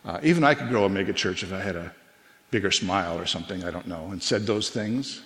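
A middle-aged man preaching a sermon as a pastor, earnest and conversational, with pauses and restarts. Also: sits low, fairly bright tone. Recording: long reverb of a hall.

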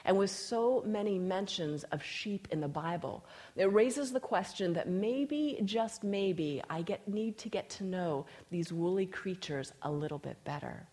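Female preacher, storytelling sermon voice, medium pitch. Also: expressive, a little slow, dark tone. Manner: storytelling, reads scripture aloud with emphasis. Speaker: speaker.

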